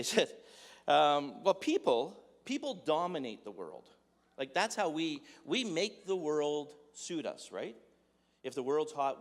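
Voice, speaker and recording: A man giving a humorous sermon in a conversational, joking way, full of rhetorical questions. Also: a little high. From Dutch heritage. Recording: echoey hall with long reverb.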